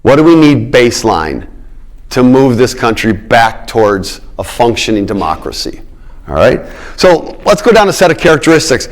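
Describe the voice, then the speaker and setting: A middle-aged man lectures on politics in an emphatic way, hammering home his key words. He keeps checking in with his listeners, and his voice sits at an ordinary middle pitch for a man. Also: very animated, moderate pace. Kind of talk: public lecture.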